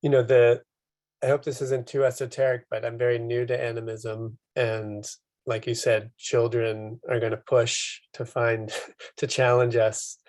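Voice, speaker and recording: A man's voice: mid-range voice, little pitch movement, measured pace, a little mellow, dry recording. A man taking part in a group discussion, speaking tentatively and searching for words, over a video call. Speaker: participant.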